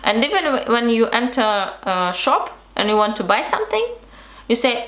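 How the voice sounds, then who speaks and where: A woman's voice: fairly high pitch, big pitch swings, moderate pace, a bit bright, reverberant. A young woman from Russia with a Russian accent, chatting casually to camera with hesitant fillers and restarts. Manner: hesitant, lots of fillers and restarts, frequent laughs. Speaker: vlogger.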